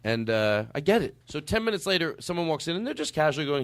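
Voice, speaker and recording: A man's voice: a little high, sing-song, fast talker, no room sound, studio quality. A middle-aged man hosting a comedy podcast with guests, joking loosely, swearing, and running mock-serious bits. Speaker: podcast host.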